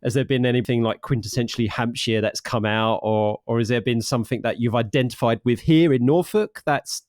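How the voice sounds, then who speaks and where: A man from the UK hosting a casual podcast interview, talking with animated enthusiasm and frequent restarts. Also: mid-range voice, brisk, no echo, clean studio sound. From United Kingdom. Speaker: podcast host.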